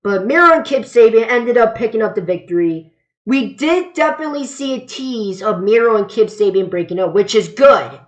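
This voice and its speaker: A woman's voice: on the high side, animated, moderate pace. A woman giving a casual, opinionated spoken review, rambling and stumbling over her words as she goes. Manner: emphatic and opinionated. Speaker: wrestling reviewer. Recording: slightly dull lo-fi sound.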